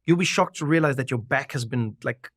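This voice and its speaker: Podcast guest, man, lively storyteller, dry close mic. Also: medium pitch, brisk, no room sound. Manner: animated storyteller, acts out quoted voices. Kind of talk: casual conversation.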